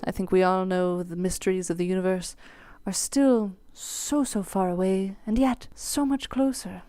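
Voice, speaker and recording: A woman's voice: medium pitch, steady tone, normal speed, few pauses, dark tone, faint music behind. A woman hosting a comedy science interview, playful and teasing with mock-dramatic gasps. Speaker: comedy show host interviewing a guest. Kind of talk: comic interview banter.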